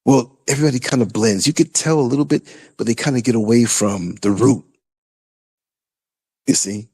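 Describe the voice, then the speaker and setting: A man with a New York accent hosting a podcast, talking in a loose, animated way with lots of restarts. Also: medium pitch, moderate pace, husky. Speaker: podcast host. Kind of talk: casual conversation.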